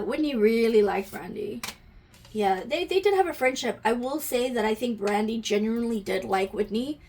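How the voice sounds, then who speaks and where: A woman's voice: on the high side, darkish tone. A woman giving an intuitive energy reading to camera, musing aloud, asking questions and talking directly to her viewers, easily moved to emotion.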